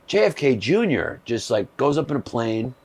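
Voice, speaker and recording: A man's voice: mid-range voice, very animated, moderate pace, a little mellow, slightly rough. Laid-back rambling man in casual chat. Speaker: comedian guest. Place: small shed.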